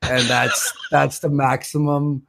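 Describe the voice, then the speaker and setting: A man's voice: mid-range voice, little pitch movement, takes it slowly, gravelly, a bit bright. A man hosting a casual livestream, joking around and swearing often, with a self-mocking manner.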